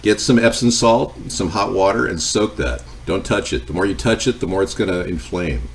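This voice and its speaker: A man's voice: sits low, animated, moderate pace. A man hosting a live cooking stream from his home kitchen, rambling between the recipe and replies to viewers. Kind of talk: casual live-stream chat.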